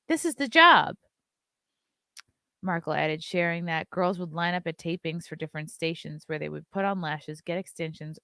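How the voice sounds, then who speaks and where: A woman's voice: deep voice, creaky, bright, forceful tone, no room sound, clean studio sound. A woman hosting an opinionated commentary show, ranting with sarcasm and profanity. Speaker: host.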